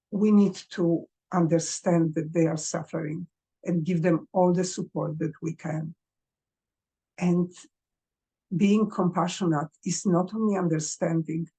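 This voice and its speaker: A woman coaching parents in a gentle, earnest advice talk, speaking English as a second language. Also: fairly low pitch, slightly rough.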